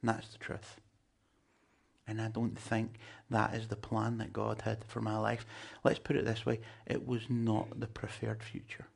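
A man's voice: lowish voice, completely flat delivery, unhurried, creaky. A man preaching a sermon, emphatic and joking with his listeners. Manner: emphatic, humorous asides to the congregation.

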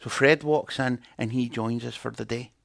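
A man's voice: mid-range voice, fairly even intonation, normal speed, gravelly, a bit bright, no room sound, clean studio sound. A man preaching in a conversational teaching style, chatting and putting questions to his audience.

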